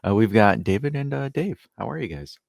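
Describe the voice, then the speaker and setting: A man hosting a casual sports podcast, animated and sarcastic, rambling with lots of "like". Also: fairly low pitch, brisk, vocal fry, no echo, studio quality. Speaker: podcast host.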